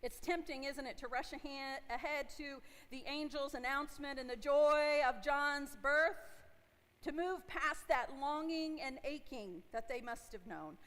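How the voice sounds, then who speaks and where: A woman's voice: sits high, unhurried, a bit bright. A woman in her forties, a pastor giving a conversational sermon and asking her congregation questions. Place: church sanctuary. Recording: long hall reverb from a church.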